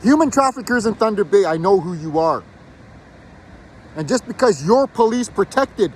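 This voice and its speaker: A Canadian video blogger with a high, animated voice rants to camera outdoors in a built-up area, at a moderate pace. The rant is heated, profane, and defiant, and there's a slight hiss or hum on the audio.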